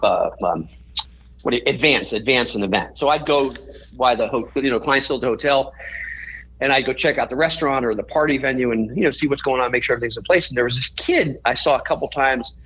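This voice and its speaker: A man's voice: medium pitch, fast talker, a bit bright, breathy edge, highs cut off. A man, a podcast guest, telling a story in a rambling way and often correcting himself mid-sentence.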